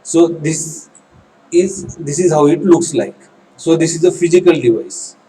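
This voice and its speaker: A man's voice: on the high side, expressive, measured pace, warm tone, far from the mic, rough recording. A man teaching a class, explaining step by step with examples and repeating phrases. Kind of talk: classroom lecture.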